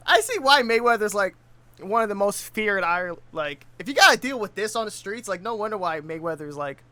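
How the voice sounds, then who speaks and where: A man's voice: sits high, animated, normal speed, pushed and bright, dry recording. A man giving casual reaction commentary on a video, full of laid-back slang.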